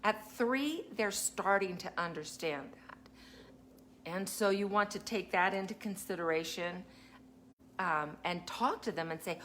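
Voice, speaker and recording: A woman's voice: medium pitch, animated, measured pace, a bit bright, a little hiss or hum. A woman teacher giving a casual live talk, chatty and laughing often as she acts out kids and parents.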